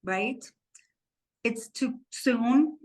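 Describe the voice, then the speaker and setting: A woman's voice: a little high, very slow, a little mellow, rough recording. A woman co-hosting a podcast, telling a candid and emotional personal story in casual chat. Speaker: podcast co-host.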